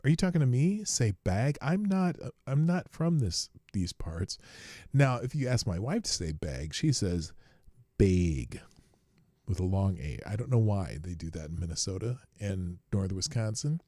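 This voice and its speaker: A man hosting his own livestream show, rambling casually from a home studio, talking softly and laughing at his own asides. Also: lowish voice, sing-song, moderate pace, no room sound.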